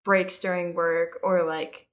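A young woman co-hosting a casual podcast, laid-back, reacting with quick remarks and giggles. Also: fairly low pitch, little pitch movement. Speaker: podcast co-host. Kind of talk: casual chat.

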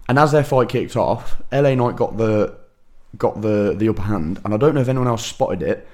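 A man co-hosting a podcast, telling animated stories in casual chat and swearing freely. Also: lowish voice, normal speed. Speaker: podcast co-host.

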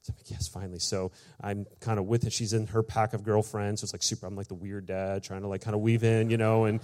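A man, the pastor, telling a personal story in a sermon, chatty and full of "like" and "you know", acting out each quoted line with big jumps in his voice. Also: a little fast. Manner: animated storyteller, acts out quoted lines with big pitch jumps; casual, many fillers like "like" and "you know".

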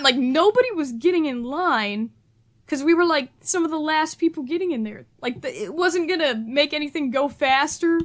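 A young woman co-hosting a podcast, telling a story in casual chat, animated and laughing, acting out her family's lines. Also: high voice, fairly quick. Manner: animated, acts out family quotes, laughs often. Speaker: podcast co-host.

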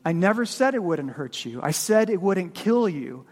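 A man voicing a stern, unhurried male angel who speaks low and insistently. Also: sing-song. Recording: long reverb of a large hall.

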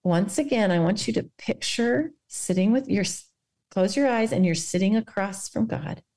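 A woman guest on a faith podcast, speaking earnestly and guiding listeners through a quiet reflection. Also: medium pitch, vocal fry.

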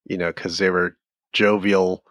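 A man's voice: low voice, level tone, unhurried, a bit bright, no room sound, clean studio sound. A man co-hosting a podcast, chatting casually and joking with laughs. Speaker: podcast co-host. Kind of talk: casual chat.

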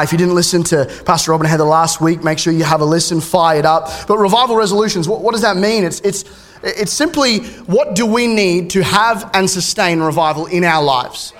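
A man's voice: sits high, fairly bright tone. A man, preaching a sermon in a casual way with joking asides and frequent restarts. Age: 30s. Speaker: pastor.

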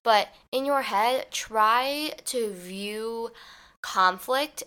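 Woman podcast host, solo advice talk, casual and animated, slips into quoted voices. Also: fairly high pitch, extremely slow, clean tone. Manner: animated storytelling, acts out little scenes in quoted voices; casual, conversational, with "like" and "kinda".

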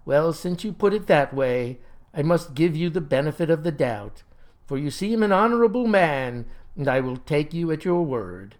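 A man's voice: fairly high pitch, animated, normal speed, close to an everyday voice. A man voicing a petulant, whiny young ex-convict who stammers when indignant.

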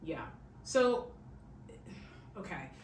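A woman's voice: on the low side, sing-song, very slow, a little mellow. Chatty woman telling a crime story. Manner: chatty, peppered with "like" and "okay?". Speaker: podcast host. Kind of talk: casual true-crime storytelling. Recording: echoey room, distant mic, faint hiss.

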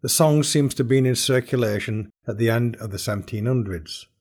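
A man hosting a podcast, reading a scripted explanation in a measured, explanatory way. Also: fairly low pitch, a little mellow, husky. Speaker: podcast host and folk singer.

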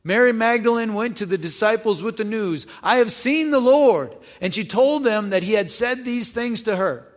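A male preacher works through a Gospel passage, reading each verse and then breaking it down in plain, conversational terms. He poses questions to his listeners as he goes. His voice is fairly high for a man, and it carries into a long, ringing reverb, as if from a church hall. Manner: reads verses then explains them conversationally, asking questions. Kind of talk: Bible teaching, reading scripture with commentary.

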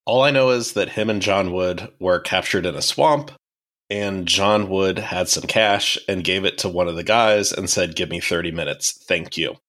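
Low-voiced man telling history wryly. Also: normal speed, a bit bright. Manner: wry, explanatory storytelling. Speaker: podcast host. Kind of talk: casual history podcast narration.

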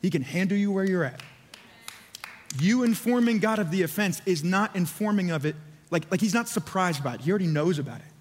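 A man's voice: high-pitched, expressive, a little fast. A man preaching a sermon as pastor, fervent and urging, repeating phrases for emphasis. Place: church auditorium. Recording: long hall reverb.

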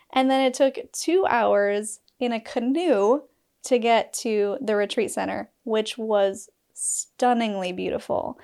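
A woman from Utah recounts a personal story in a candid, vlog-style telling. Her voice sits a little high for a woman. She is open and emotional, and she breaks off with laughs and asides. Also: darkish tone, smooth. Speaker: storyteller sharing a personal experience.

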